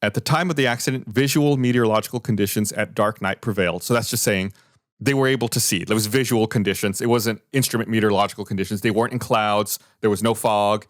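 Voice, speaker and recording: A man's voice: fairly low pitch, quick pace, no echo, clean studio sound. A man hosting a podcast, explaining events and reading findings in a loose, conversational way. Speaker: podcast host. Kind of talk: casual podcast discussion.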